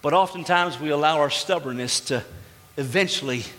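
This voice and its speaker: A man's voice: fairly high pitch, moderate pace, fairly bright tone. A man preaching a sermon as pastor, speaking emphatically and putting rhetorical questions to the congregation. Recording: long reverb of a large hall.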